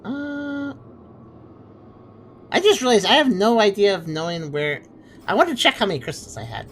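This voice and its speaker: A woman's voice: mid-range voice, big pitch swings, normal speed, slight background noise. A woman streamer giving chatty, playful commentary while she plays a game. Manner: chatty, reactive, playful asides. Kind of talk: casual gameplay commentary.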